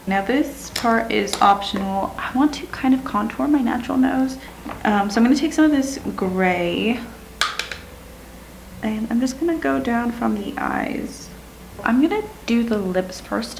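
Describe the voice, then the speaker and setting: Gravelly-voiced woman teaching makeup. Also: medium pitch, noisy background. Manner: calm talk-through while working, sometimes dropping to a whisper. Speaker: makeup tutorial host. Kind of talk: step-by-step makeup instruction.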